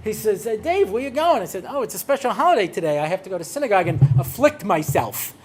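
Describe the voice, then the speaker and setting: A man's voice: high voice, very animated, fast talker, a little hiss or hum. An American man, a rabbi, giving a humorous talk to an audience, telling stories and acting out bits for laughs. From United States. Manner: joking storyteller, acts out cantors and voices.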